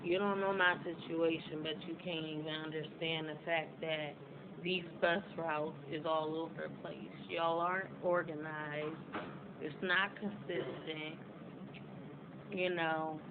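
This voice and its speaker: A woman talks straight into her phone, venting in a fairly low voice. She gets loud and tense when something frustrates her. Steady outdoor noise sits clearly behind her. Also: a little slow, narrow, tinny audio. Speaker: vlogger. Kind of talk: casual vlog to camera.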